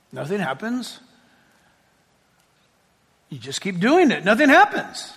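A man preaching a sermon as pastor, talking conversationally and joking, swinging between loud and hushed. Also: high-pitched, gravelly, husky. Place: church sanctuary. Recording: long hall reverb.

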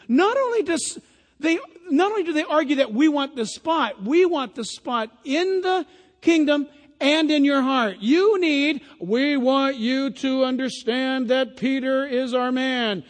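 A man preaching a sermon in a lively, conversational way. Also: extremely high pitch. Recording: long hall reverb.

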